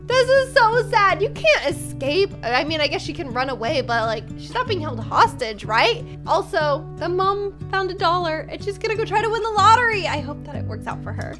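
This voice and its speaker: A woman's voice: extremely high pitch, big pitch swings, moderate pace, few pauses, music in the background. A woman hosting a gaming reaction video, gushing and gasping as she comments. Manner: gushing, gasps a lot.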